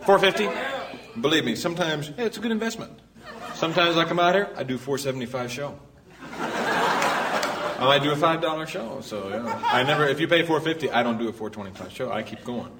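A man's voice: on the high side, expressive, a little fast. A man doing a rambling stand-up comedy routine on a club stage, often stopping himself to start a point over. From United States. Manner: rambling, self-interrupting, breaks into silly mock voices. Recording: roomy live venue from far off with audience noise.

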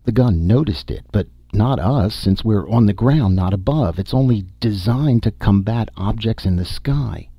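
A man reading a science fiction audiobook, voicing a tense, bitter young woman explorer with a sharp, irritable delivery. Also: fairly low pitch, expressive, normal speed, hardly any pauses, husky, no echo, voice pushed up. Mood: grim.

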